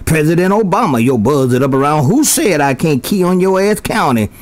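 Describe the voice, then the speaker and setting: A man's voice: fairly high pitch, lively intonation, brisk. Sing-song man on a CB radio. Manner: sing-song rhyming sign-off calls. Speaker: CB radio operator. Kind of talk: CB radio chatter.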